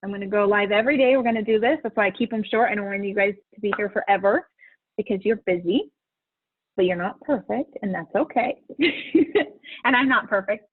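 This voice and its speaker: A woman's voice: mid-range voice, a little fast, no room sound. A middle-aged woman hosting a live coaching session, chatty and encouraging, laughing often as she talks to her group. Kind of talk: casual live-stream coaching talk. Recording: husky voice over a tinny phone-like line.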